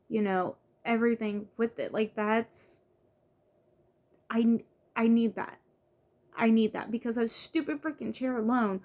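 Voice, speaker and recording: Young woman, casual vlog rant, venting, frustrated, fillers and restarts, middle pitch. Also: a little mellow. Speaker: vlogger.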